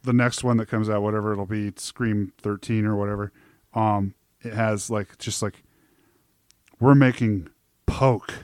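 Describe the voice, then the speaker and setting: A man's voice: lowish voice, little pitch movement, normal speed, no room sound. Male podcast co-host, mid voice, riffing comic style, dry close recording. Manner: jokey, riffing, heavy on fillers like "like" and "um". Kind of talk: casual movie review chat.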